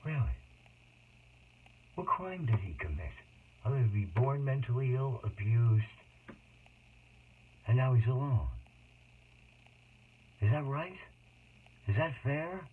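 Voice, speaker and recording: A man telling a personal story in a rambling, emotional monologue with sudden loud outbursts. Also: mid-range voice, sing-song, unhurried, pauses often. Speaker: autobiographical storyteller. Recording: tinny phone-like noisy recording.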